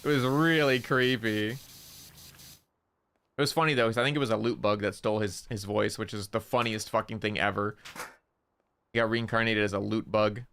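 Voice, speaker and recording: A man's voice: lowish voice, fairly even intonation, normal speed, pauses often, a bit bright, a little hiss or hum. A man chatting casually on a gaming stream, rambling through funny stories with lots of laughing and swearing. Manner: rambling, laughing storyteller who swears a lot.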